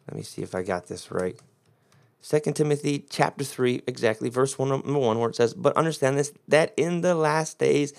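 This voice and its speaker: Man, preacher, sermon, gravelly voice, slightly high pitch, emphatic teaching. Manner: teaching Greek grammar of scripture, emphatic.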